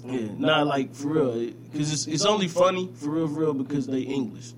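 A man in casual banter with a friend, animated and laughing, swearing freely. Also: a little high, a little fast, a crowd in the background.

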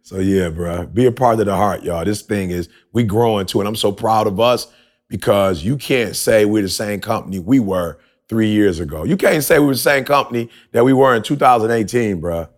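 A man's voice: on the low side, normal speed. A man co-hosting a podcast in casual chat, laid-back and a little preachy, laughing often. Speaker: podcast co-host.

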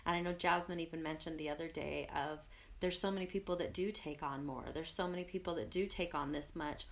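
A woman's voice: low-pitched, fairly even intonation, fairly quick. A young woman co-hosting a podcast, talking earnestly and reflectively about personal fears in a casual chat. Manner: earnest, reflective, speaks of spirit and purpose. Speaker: podcast co-host.

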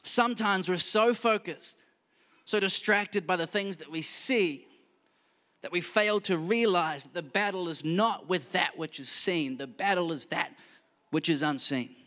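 Bright high-pitched male preacher. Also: unhurried, in a large hall. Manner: conversational preaching with asides and laughter. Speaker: pastor. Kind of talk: sermon.

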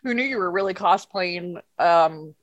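A woman's voice: lowish voice, measured pace, lo-fi sound. A woman hosting a podcast, ranting about a bad film in casual, profane, rambling chat. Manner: profane, rambling, exasperated storytelling. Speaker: podcast host reviewing a film.

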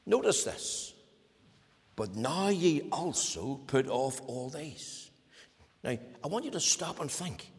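A man delivering a sermon in a high voice that swoops up and down with animation. He preaches with strong emphasis, slipping into the voices of complaining listeners. A long reverb trails behind him, as in a large church hall. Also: big pitch swings, measured pace. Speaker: pastor.

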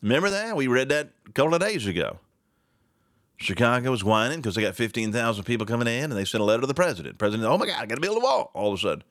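A man hosting a political talk show, talking in a sarcastic, animated and mocking way. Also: mid-range voice, racing, no echo, clean studio sound.

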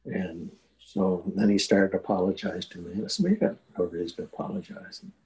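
Older man, deep voice, earnest interview storyteller with fillers. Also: steady tone, a little fast, mellow, muffled recording. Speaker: guest telling a war veteran story.

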